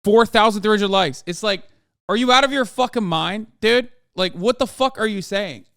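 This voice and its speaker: An exasperated man rants on a livestream, cursing and stressing each point with a demanding "okay?". His voice sits high and comes through smooth and clear. The sound is close and dry, with no room around it. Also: moderate pace, a bit bright, dry recording. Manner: exasperated, profane, emphatic, repeats "okay?". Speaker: streamer reacting to posts. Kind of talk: casual livestream rant.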